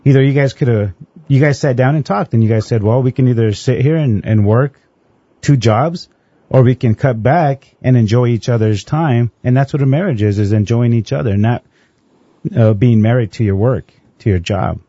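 A man's voice: medium pitch, normal speed, dark tone, slightly rough, dry recording, highs cut off. A man co-hosting a faith-based radio show, speaking casually and encouragingly. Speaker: radio co-host. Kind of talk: faith-based call-in talk.

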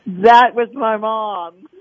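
A woman guest on a radio talk show, telling a personal faith story with feeling and acting out the voices she quotes. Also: medium pitch. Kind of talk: personal testimony in a radio interview. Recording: phone-line sound.

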